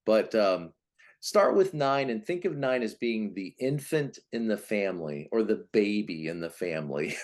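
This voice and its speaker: A man being interviewed as a personality coach, explaining in a conversational way, often restarting and now and then acting out quoted voices. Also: normal speed. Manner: animated, acts out voices of types with big pitch jumps; many restarts and repeated words. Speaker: Enneagram coach, guest.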